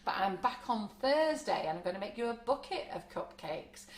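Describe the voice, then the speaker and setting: A woman's voice: medium pitch, very animated, moderate pace, roomy sound. A woman hosting a live cake decorating demo, chatty and frank, laughing often. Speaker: baking show host. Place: home kitchen studio.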